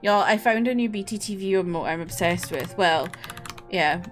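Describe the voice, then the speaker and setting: A woman's voice: mid-range voice, moderate pace, faint music behind. A tired young woman streamer chatting casually and rambling, often breaking into laughs.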